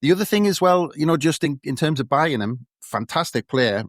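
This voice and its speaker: A man's voice: fairly high pitch, lively intonation, a little fast, no room sound. Rambling North East English man, dry sound. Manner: thoughtful, rambling with restarts. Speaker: podcast co-host. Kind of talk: casual football chat.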